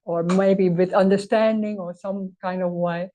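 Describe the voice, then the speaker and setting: Earnest woman teacher, mellow voice. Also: medium pitch, fairly even intonation, unhurried, a little hiss or hum. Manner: earnest, emphatic, non-native phrasing. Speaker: spiritual teacher. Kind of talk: teaching in conversation. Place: meeting room.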